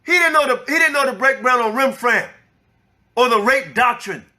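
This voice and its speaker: High, bright, fired-up male elder. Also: lively intonation, normal speed. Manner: angry, profane, preaching, repeats the clip's words to rebut them. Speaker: elder of a religious group, host reacting to a clip. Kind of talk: heated reaction commentary.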